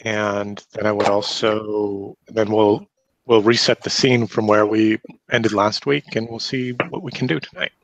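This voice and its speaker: A man's voice: fairly low pitch, little pitch movement, unhurried, no echo, low-quality recording. A man running an online tabletop game as game master over a video call. He recaps in a loose way and corrects himself as he goes.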